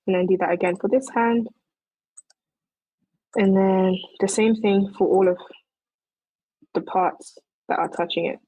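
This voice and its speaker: A young woman talks through a 3D modeling tutorial in a relaxed way, thinking aloud as she works. Her voice has a slightly husky edge. She is recorded close and dry, with no room sound. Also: mid-range voice, measured pace, long pauses, no room sound, poor audio. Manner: relaxed, thinks aloud while working, loose fillers. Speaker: 3D modeling presenter. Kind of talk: casual screen-recorded tutorial.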